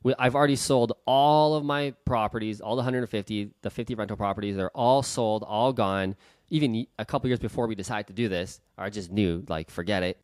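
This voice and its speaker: A man's voice: medium pitch, dry recording. A man, a real estate investor giving a webinar, talking bluntly and heatedly, swearing freely and leaping up for emphasis. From Canada. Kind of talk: unscripted webinar talk.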